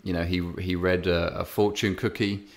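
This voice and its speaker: A man's voice: low-pitched, little pitch movement, normal speed, gravelly. A man with an English accent, telling a story in a rambling way with many fillers and restarts, co-hosting a podcast. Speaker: podcast co-host. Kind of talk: casual podcast chat.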